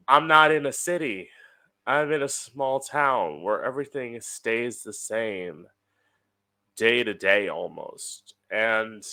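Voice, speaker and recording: A young man talks through a solo podcast from his house in an unhurried, drawn-out way. He is chatty and sardonic, with a mid-range voice, and drops swear words freely. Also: medium pitch, bright, forceful tone. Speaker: podcast host. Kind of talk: casual solo podcast monologue. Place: at home.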